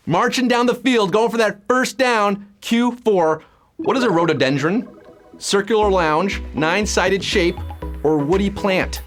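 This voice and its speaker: Man, quiz show host, high-pitched, pun-loving, upbeat hype, soft music underneath. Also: a little slow. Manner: playful, punning, lively hype. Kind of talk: live trivia game hosting.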